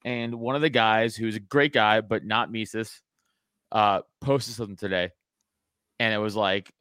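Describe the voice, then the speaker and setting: A man's voice: medium pitch, moderate pace, clean tone, dry recording, studio quality. A man hosting a casual podcast chat, swearing a lot and restarting his sentences as he talks. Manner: profane, animated, frequent restarts. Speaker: podcast host.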